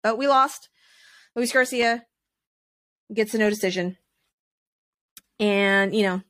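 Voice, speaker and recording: Speaking slowly in a mid-range, somewhat bright voice, a woman co-hosts a podcast. It's a relaxed baseball chat where she laughs and keeps rambling and restarting.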